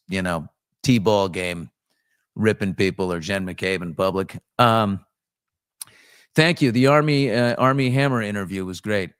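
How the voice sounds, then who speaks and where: Chatty low-voiced man hosting a show. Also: a bit bright, clear, resonant tone, dry recording, studio quality. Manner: chatty, off-the-cuff, frequent ums and restarts. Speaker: host. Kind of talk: casual morning chat reading viewer comments.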